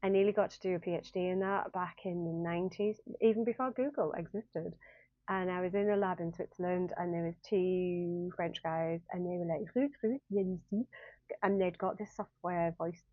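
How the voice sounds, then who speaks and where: A woman's voice: on the low side, steady tone, moderate pace, no room sound. A woman in her fifties, a university lecturer, rambling casually in a talking-head vlog and often laughing at herself. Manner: rambling, chatty, self-deprecating with frequent laughs. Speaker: university lecturer in human-computer interaction. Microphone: phone camera. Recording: dry, phone-like narrow sound.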